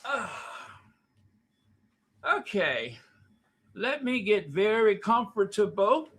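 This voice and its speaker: A man's voice: fairly high pitch, expressive, takes it slowly, pauses often. A man hosting his own channel in casual live commentary, chatty and thinking aloud as he reads viewer comments. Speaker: channel host.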